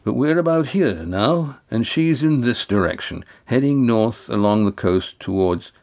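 A man voicing a calm boat owner who explains a course in a measured way. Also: mid-range voice. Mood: explaining. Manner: measured, instructive. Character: steady older male boat owner, matter-of-fact. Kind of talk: audiobook character voice.

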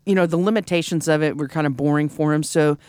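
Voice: medium pitch, brisk, darkish tone, no echo, studio quality. A podcast host telling a gossip story in casual comedic chat, with sarcastic asides and frequent giggles.

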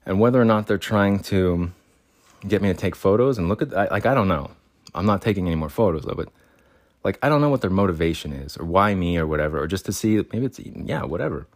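Very deep-voiced exasperated man rambling. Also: expressive, quick pace. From Utah. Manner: agitated, exasperated, rambling with many restarts. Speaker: podcast host. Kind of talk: casual rambling monologue. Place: home with cats.

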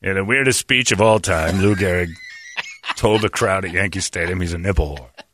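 A man's voice: deep voice, moderate pace, a bit bright, slight background noise. A man hosting a talk show, joking around and laughing as he butchers mock Spanish phrases. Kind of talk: casual comedic banter.

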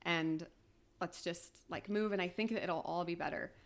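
A young woman on a podcast telling a painful personal story in a quiet, halting way, full of "like"s and sometimes near tears. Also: lowish voice, steady tone. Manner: quiet, halting, tearful at times, many "like"s. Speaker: podcast guest.

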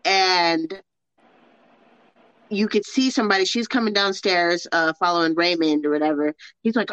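A woman co-hosting a casual film podcast, steering the talk scene by scene with halting restarts. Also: on the low side, a bit bright, smooth, no room sound, highs cut off. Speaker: podcast co-host. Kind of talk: casual movie discussion.

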